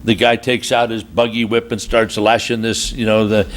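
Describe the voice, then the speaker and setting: A man preaching a sermon at a marriage retreat, telling humorous stories and leaping into high, animated voices for the people he quotes. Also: normal speed. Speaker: pastor. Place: church retreat hall.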